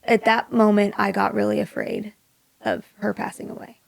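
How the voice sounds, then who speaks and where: A young woman from Maui, a singer-songwriter, telling a personal story in an interview, soft-spoken and dropping to a hush for quoted thoughts. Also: medium pitch, fairly even intonation, normal speed, gravelly, no echo. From Maui, Hawaii.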